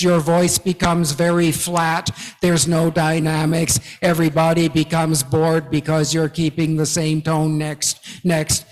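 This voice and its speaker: A man giving a guest lecture to academics, teaching slowly and emphatically and often checking in with "okay?". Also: high-pitched, a bit bright. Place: large lecture hall. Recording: long hall reverb.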